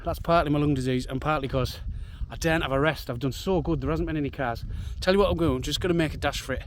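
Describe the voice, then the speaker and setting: Breathless from hiking and running over open moorland, this male vlogger narrates casually into a handheld camera. He speaks fast at a fairly high pitch, with slight background noise behind him.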